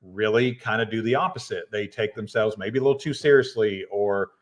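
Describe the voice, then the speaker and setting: A man's voice: fairly low pitch, brisk. Laid-back man from North Arkansas. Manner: laid-back, rambling with many fillers. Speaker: guest. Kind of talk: casual chat.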